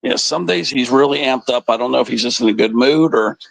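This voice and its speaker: A man's voice: medium pitch, fairly quick, gravelly, slight background noise, rough recording. A man hosting a casual livestream chat, rambling and teasing with a chuckle. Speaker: livestream host.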